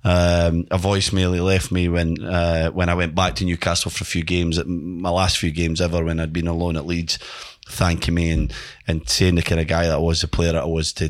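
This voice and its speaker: A man in his thirties, a podcast co-host and former footballer, telling stories in casual chat. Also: low-pitched. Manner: animated anecdote-telling with voiced quotes.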